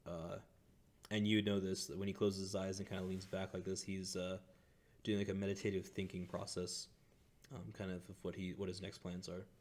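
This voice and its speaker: A man narrating as game master of a tabletop game, relaxed and loose, with plenty of fillers. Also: low voice, moderate pace.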